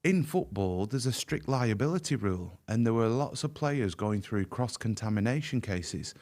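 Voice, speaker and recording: Frank, halting middle-aged man. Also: lowish voice, lively intonation, a little mellow. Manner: frank, halting with restarts, vivid first-person telling. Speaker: podcast guest. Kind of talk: candid conversational storytelling. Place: podcast interview.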